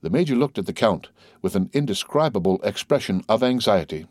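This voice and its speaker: A man narrating a classic novel in a measured, even storytelling manner. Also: fairly low pitch, no room sound, clean studio sound. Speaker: audiobook narrator. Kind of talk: scripted narration.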